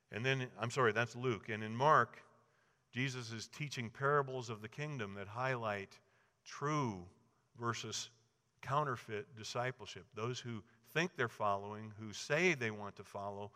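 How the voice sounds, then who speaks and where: A man's voice: mid-range voice, a little slow, pushed and bright. A man preaching a sermon, telling Bible stories and acting out the quoted lines with rising emphasis. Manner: storytelling, acts out quoted voices with rising emphasis. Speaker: pastor. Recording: long hall reverb.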